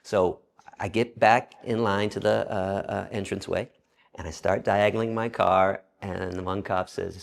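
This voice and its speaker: A man's voice: lowish voice, fairly quick, vocal fry. A man being interviewed, telling a story and acting out the voices of the people in it. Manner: animated storyteller, acts out quoted voices. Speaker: interview guest.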